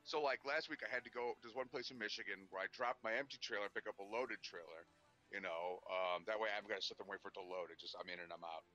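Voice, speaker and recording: Fast-talking, profane truck driver. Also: male voice, fairly low pitch, sharp tone, soft background music. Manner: profane, rambling storyteller. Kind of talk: casual podcast chat. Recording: dull lo-fi podcast audio.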